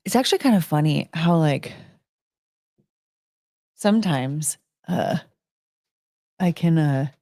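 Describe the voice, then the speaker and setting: A woman's voice: low voice, lively intonation, takes it slowly, pauses often, warm tone, dry recording, studio quality. A woman chatting casually with her live-stream viewers, rambling and giggling and often breaking off mid-sentence. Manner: rambling, self-interrupting, giggly. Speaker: livestream host.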